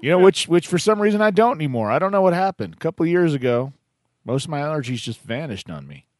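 Easygoing male call-in radio host with an animated delivery. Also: on the high side, fast, no echo, studio quality. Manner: easygoing, chatty.

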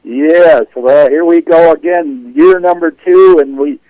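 A man's voice: on the high side, a little slow, warm tone, dry recording. A man who is a regular poet guest on a radio talk show, speaking hesitantly with many restarts. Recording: lo-fi radio sound.

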